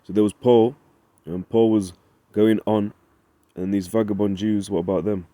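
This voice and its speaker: A man's voice: on the low side, steady tone, moderate pace, dark tone, no room sound. A man giving a casual Bible study, talking conversationally, often asking "right?" and reading scripture aloud. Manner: reads scripture in old-fashioned wording. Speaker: Bible teacher.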